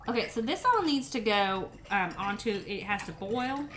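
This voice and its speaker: A woman's voice: mid-range voice, expressive, moderate pace, few pauses, fairly bright tone. A woman, chatting with viewers while she cooks in her home kitchen. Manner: chatty, talks to chat while cooking. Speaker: cooking streamer. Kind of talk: casual cooking livestream chat. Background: pots, pans and dishes clattering.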